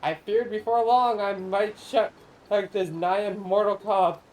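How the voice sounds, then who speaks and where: A woman's voice: mid-range voice, steady tone, a little slow, darkish tone, slight background noise, lightly acted, poor audio. Woman voicing an ancient, mournful corn spirit. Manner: archaic, solemn, theatrical speech. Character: ancient lonely corn spirit, grandiose and sorrowful. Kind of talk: reading game dialogue aloud on stream.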